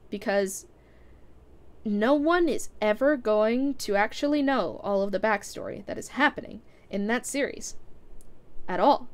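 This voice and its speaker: A young woman chatting casually as a live streamer winding down her stream, rambling with lots of fillers and frequent laughs. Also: mid-range voice.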